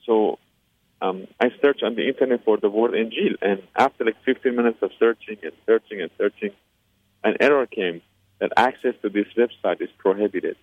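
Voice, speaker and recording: Man, interview guest, earnest testimony full of pauses and fillers, low voice, tinny phone line. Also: no room sound. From Iran. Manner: earnest, with frequent hesitations and fillers. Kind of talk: personal faith testimony.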